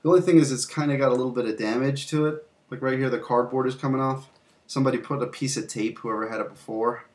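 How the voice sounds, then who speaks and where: A young man hosting a casual video shows off games from his collection, rambling loosely with fillers and a bit of mild swearing. He talks fast, in a medium-pitched voice with fairly even intonation.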